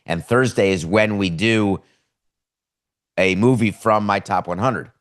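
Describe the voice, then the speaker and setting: Low-voiced man hosting a talk show. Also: measured pace. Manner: rambling, self-interrupting and emphatic. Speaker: podcast host. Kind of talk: live daily sports talk show monologue.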